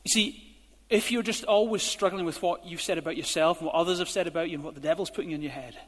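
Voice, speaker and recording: A man preaching a sermon as a pastor, speaking emphatically and building to forceful urging. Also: a little high, fast talker. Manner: emphatic, rising to forceful exhortation. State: out of breath. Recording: hall reverb.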